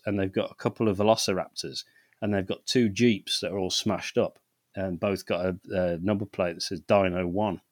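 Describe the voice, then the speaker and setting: A middle-aged man co-hosting a podcast, telling stories in a sweary, animated way and laughing often. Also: low voice, husky, no room sound. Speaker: podcast co-host. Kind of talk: casual chat.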